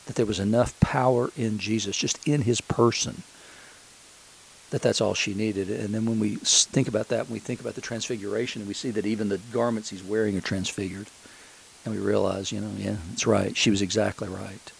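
A man's voice: lowish voice, fairly even intonation, fairly quick, gravelly, a little hiss or hum, poor audio. A man preaching a sermon as pastor, telling the story conversationally and often restarting his sentences.

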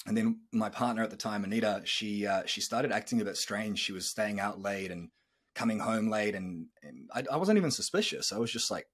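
Man, 30s, podcast host, husky voice, lowish pitch, candid and earnest, swears casually. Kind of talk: personal storytelling on a podcast.

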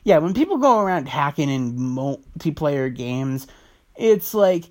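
A man's voice: a little high, very animated, measured pace. Rambling, foul-mouthed man hosting a podcast. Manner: rambling, swears freely. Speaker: podcast host. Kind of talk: casual rambling monologue.

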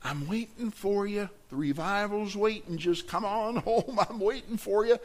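A male preacher speaking as God, gently pleading with people to come home. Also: sits high, a little slow, pitched above the performer's own voice. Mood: tender pleading. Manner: gentle, pleading, building warmth. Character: God as a patient, loving father.

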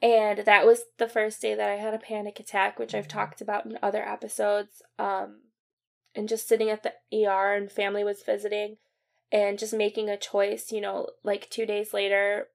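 A woman's voice: medium pitch, monotone, creaky. Young woman telling a hard personal story. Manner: halting, full of fillers and restarts; quiet and subdued at sad moments. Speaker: podcast host.

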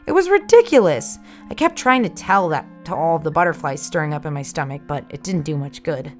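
A woman narrates a scary story in a low, hushed voice, drawing out tense moments. Faint music plays under her. She sounds close and intimate. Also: a little fast.

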